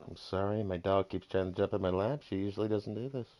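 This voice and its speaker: A man hosting a casual podcast, relaxed and joking, with plenty of ums. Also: lowish voice, a little hiss or hum. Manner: relaxed, joking, drawn-out fillers. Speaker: podcast host. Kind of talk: casual chat. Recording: dull lo-fi home mic.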